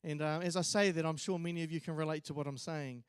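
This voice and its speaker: A man's voice: on the high side, steady tone, quick pace, smooth, no room sound. A man giving a memorial eulogy in a church, telling stories in a conversational way with hesitations and restarts. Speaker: eulogy speaker.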